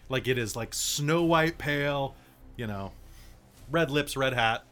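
A man's voice: medium pitch, measured pace, fairly bright tone. A man narrating a tabletop game as game master, in a casual, rambling way with plenty of fillers.

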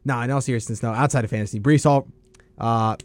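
A young man co-hosting a college sports radio show, an animated storyteller quick with banter. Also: mid-range voice. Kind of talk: casual sports chat.

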